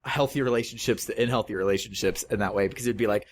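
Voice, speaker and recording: A man's voice: lowish voice, fast, slight background noise. A man co-hosting a podcast in casual chat, rambling with many fillers and acting out quotes. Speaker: podcast co-host.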